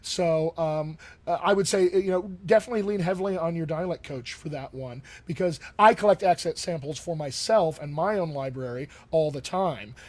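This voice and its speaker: A man's voice: a little high, normal speed, a little mellow. A man working as a dialect coach, talking casually to viewers in a live stream Q&A, with lots of fillers and restarts. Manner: conversational, many fillers and restarts.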